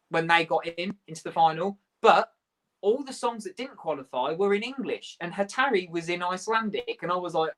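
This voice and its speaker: A man's voice: high-pitched, a bit bright, rough recording. Enthusiastic man guest in casual chat. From Europe. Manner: enthusiastic, talks through ideas with quoted asides.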